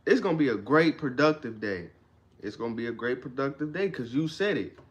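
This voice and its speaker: Male livestream host, motivational talk, emphatic, preacher-like repetition, mid-pitched voice. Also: animated, a little fast, slightly rough, highs cut off.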